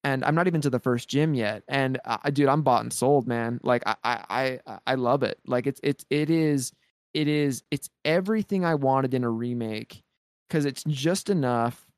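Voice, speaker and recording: Man, podcast co-host, excited rambling, repeated words, mid pitch, dry close sound. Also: normal speed, dry recording. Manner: excited rambling with many restarts. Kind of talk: casual podcast chat.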